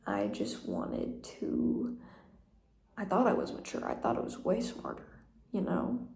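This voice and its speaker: A woman's voice: a bass voice, wildly swooping pitch, unhurried, gravelly, darkish tone, roomy sound. A young woman telling a personal story in a casual, chatty way, with lots of fillers and small laughs. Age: young adult. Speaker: vlogger.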